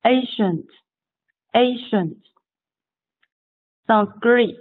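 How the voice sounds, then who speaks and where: A woman's voice: mid-range voice, slow pace, long pauses, husky. A woman student carefully repeating vocabulary words, each one twice, in an online pronunciation drill. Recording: tinny phone-like call audio.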